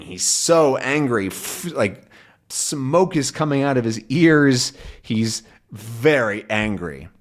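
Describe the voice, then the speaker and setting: A man with a mid-range voice teaches English by walking through a comic in slow, simple words, adding sound effects as he goes.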